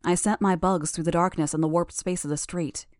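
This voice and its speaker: A woman reading an audiobook chapter in the first person, in a steady, measured manner. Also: lowish voice, dry recording, studio quality. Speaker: audiobook narrator.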